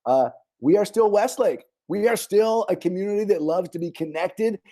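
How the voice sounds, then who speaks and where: Over a video call, a school administrator with a high, expressive, mellow voice hosts an informal parent forum at a moderate pace. His animated riffing is packed with fillers and restarts, typical of casual online community chat.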